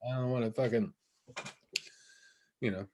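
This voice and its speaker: A young man in the middle of a casual podcast chat, telling a story at his own easy pace. He talks at an ordinary pitch, circles back often and fills the gaps with "you know" and "um.". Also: steady tone, unhurried, warm tone, slight background noise. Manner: rambling storytelling with many fillers and restarts. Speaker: podcast co-host.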